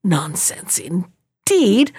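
A woman's voice: on the low side, extremely slow, slightly rough, exaggerated voice. A woman reading as a bossy, foolish old peasant wife. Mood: scolding. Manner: sharp, scolding, easily excited.

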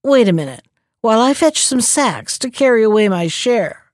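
A woman's voice: on the high side, big pitch swings, normal speed, no room sound, studio quality. A woman voicing an earnest female sheep in a storybook reading, pleading and indignant by turns. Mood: calm.

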